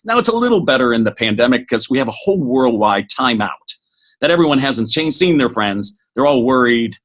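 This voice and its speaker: A middle-aged man with a husky voice talks as a podcast guest, giving a motivational talk. He speaks quickly and eagerly, often catching himself mid-sentence and starting over. His pitch sits in an ordinary middle range for a man. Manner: energetic, fast, with many restarts.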